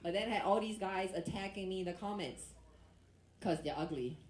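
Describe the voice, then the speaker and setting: A woman's voice: medium pitch, brisk, a little mellow. A woman from Asia doing a stand-up set on a comedy club stage, brash and teasing as she works the crowd on a handheld mic. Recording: roomy club sound.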